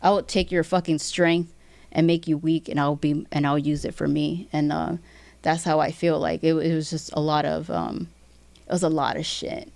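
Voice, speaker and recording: A woman's voice: deep voice, flat delivery, normal speed, gravelly, a little mellow, dry recording. A woman guest, a fight promoter, talking bluntly and emotionally with heavy swearing. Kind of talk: emotional interview talk.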